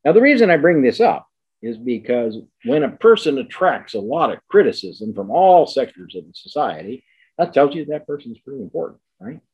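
Emphatic older male lecturer, lively pitch. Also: creaky, breathy edge, lo-fi sound. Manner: emphatic, repeats key words, slows down for stress. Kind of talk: academic lecture.

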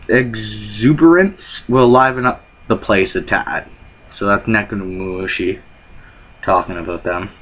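Man reading manga aloud, lo-fi. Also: mid-range voice. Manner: reads character lines in quick put-on voices between plain remarks. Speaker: manga reaction YouTuber.

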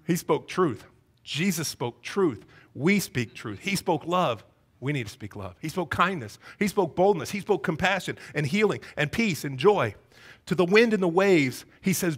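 A man in his thirties delivers a sermon in a church. His voice sits a little high for a man. He tells stories with energy and acts out the voices of the people in them. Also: unhurried, breathy edge. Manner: animated storytelling, acts out voices. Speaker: pastor. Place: church sanctuary.

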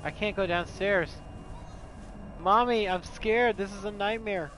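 A man's voice: high-pitched, unhurried, pushed and bright, a little hiss or hum. A man streaming a horror game, narrating his own play with jokey mock panic and a lot of swearing. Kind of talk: live gameplay commentary.

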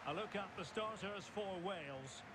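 A man with a high voice calls a football match play-by-play, snapping out player names in short bursts. Loud game noise sits heavily under his voice. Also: lively intonation, moderate pace. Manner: terse name-calling of passes, rising on chances. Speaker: play-by-play commentator. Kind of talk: scripted football commentary.

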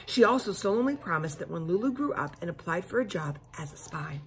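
A woman reading a children's book aloud expressively, pausing to explain the story to listeners. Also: on the low side, expressive. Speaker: reader.

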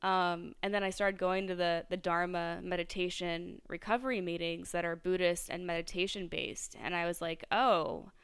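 Smooth-voiced woman podcaster, reflective. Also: fairly low pitch, flat delivery, normal speed, hardly any pauses, a bit bright, no room sound. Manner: reflective, rambling, many fillers and restarts. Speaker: podcast host. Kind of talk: solo podcast monologue.

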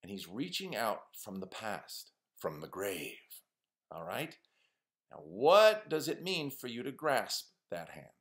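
A man's voice: on the low side, slow pace. A man teaching a poetry lesson to young students, explaining ideas and asking them questions as he goes. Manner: lively, asks students questions. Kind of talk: online class lecture.

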